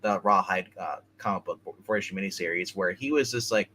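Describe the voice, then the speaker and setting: A male host of a loose live-stream chat, with a bright, forceful voice. He stumbles through restarts and repeated words, and laughs as he talks. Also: sits low, a little fast, a little hiss or hum. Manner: stammering, restarts often, laughs a lot.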